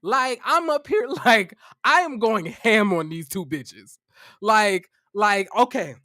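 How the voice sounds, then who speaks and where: A man's voice: high voice, expressive, slow, sharp tone, dry recording, clean studio sound. A young man in his twenties tells a personal story in a casual, profane, fired-up way. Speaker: vlogger.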